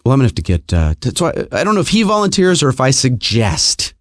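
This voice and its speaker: A middle-aged man hosting a podcast, telling a comic story in an exasperated, animated, self-mocking way. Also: mid-range voice, quick pace, few pauses, no echo, studio quality.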